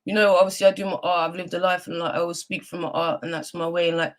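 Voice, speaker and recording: A woman's voice: on the low side, little pitch movement, racing. A woman speaking as a guest poet on a video call, reciting spoken word poetry and then chatting in a heartfelt, earnest way.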